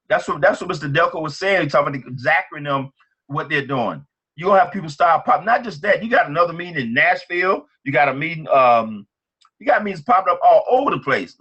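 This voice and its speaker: A man leading a team training call as a motivational pep talk, energetic and repetitive. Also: fairly high pitch, slightly rough, dull audio.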